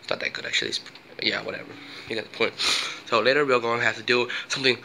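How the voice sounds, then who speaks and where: A young man chats to the camera in a loose, slangy vlog, joking and exclaiming as he goes. His pitch sits in an ordinary middle range. The home recording carries a clear layer of noise behind him. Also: fairly even intonation, rapid-fire, poor audio. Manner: slangy, exclaiming, hushed and breathy while eating, loud and playful when reviewing. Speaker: vlogger. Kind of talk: casual vlog chat.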